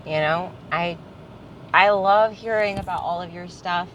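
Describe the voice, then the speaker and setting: A woman's voice: lowish voice, unhurried, poor audio. A woman in her thirties talking candidly and rambling a bit about parenting in a casual personal vlog, outdoors by a train line. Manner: candid, rambling, self-reflective. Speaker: parent vlogger. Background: passing train and traffic.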